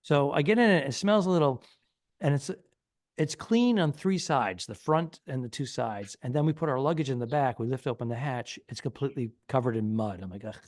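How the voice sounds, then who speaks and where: A man's voice: mid-range voice, fairly quick, darkish tone, no room sound, studio quality. A man co-hosting a comedy podcast, telling a long rambling story in casual chat and acting out the people in it. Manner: rambling anecdote, acts out quoted people. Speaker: podcast co-host.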